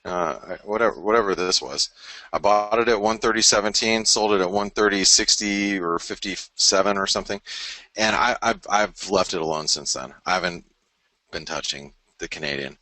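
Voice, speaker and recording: A low-sitting male voice with a sharp tone speaks at normal speed, with no room sound. He's hosting a live trading webinar, going over charts bluntly and loosely, interrupting himself and restarting thoughts as he goes.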